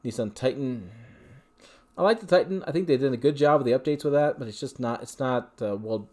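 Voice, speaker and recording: A man's voice: medium pitch, fairly quick, a little mellow. A man hosting a casual livestream, reading viewer questions and answering them in a rambling, chatty way. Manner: rambling, chatty, with frequent fillers and restarts. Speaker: livestream host.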